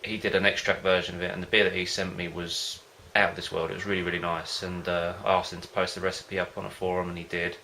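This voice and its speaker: A man's voice: deep voice, level tone, fast talker, vocal fry, few pauses, bright, forceful tone, a little hiss or hum. A man vlogging about home brewing in a casual, rambling way, often hesitating and losing his thread. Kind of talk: casual rambling chat to camera.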